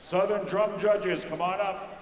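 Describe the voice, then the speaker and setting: A man working as pow wow announcer, briskly giving instructions to drum groups and judges over a microphone in a large indoor arena. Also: sits high, steady tone. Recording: echoey arena PA from far off.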